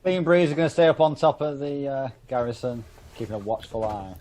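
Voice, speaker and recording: A man's voice: mid-range voice, animated, a little fast, darkish tone. A man playing a tabletop role-playing game, joking about his character. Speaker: player. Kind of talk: tabletop role-play chat.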